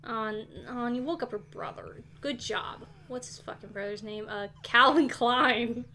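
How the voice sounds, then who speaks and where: A woman's voice: on the high side, moderate pace, slight background noise. A woman streaming a game, casually chatting, exasperated and swearing as she scolds the characters. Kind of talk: casual live gameplay chat.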